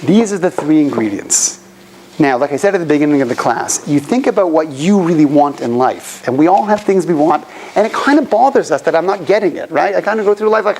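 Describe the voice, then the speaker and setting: A rabbi teaching a class to a live group, telling a story with lively shifts and acting out the people in it. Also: male voice, high voice, brisk, vocal fry, slight background noise, rough recording. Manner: animated storyteller, acts out quoted voices. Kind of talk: storytelling lecture. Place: classroom opposite the Western Wall.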